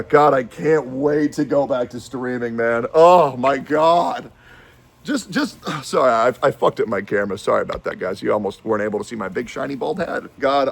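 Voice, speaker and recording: A young adult man streaming a heated, profane rant, swinging between shouting and low muttering.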